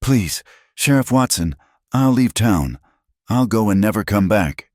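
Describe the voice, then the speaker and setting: A man voicing a starving young widow with a hoarse, pleading voice. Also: extremely low pitch, sing-song, moderate pace, darkish tone, dry recording, clean studio sound, exaggerated voice.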